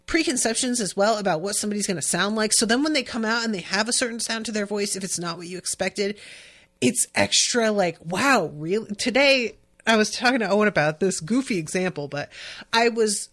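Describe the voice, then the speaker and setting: A woman's voice: mid-range voice, fairly bright tone. Chatty woman podcast host. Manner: chatty and rambling, with many fillers and restarts. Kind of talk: casual podcast recap.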